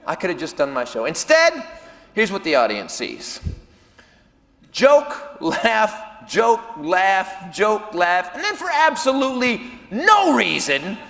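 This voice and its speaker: A man doing a loud, animated stand-up comedy set on stage before a live audience, bursting into shouted punchlines. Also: high voice. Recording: live hall recording with crowd noise.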